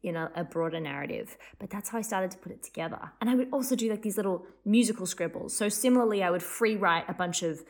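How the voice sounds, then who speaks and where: A young woman talks casually as an interview guest, full of fillers and quick restarts. Her pitch sits right in the middle of her range. She sounds relaxed and conversational as she chats. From Australia. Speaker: playwright and composer guest.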